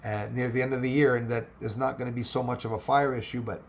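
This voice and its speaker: A man's voice: mid-range voice, level tone, fast, slight background noise. A man hosting a casual livestream, rambling and thanking viewers by name as he reads their comments aloud. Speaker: livestream host reading chat. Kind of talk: casual live chat.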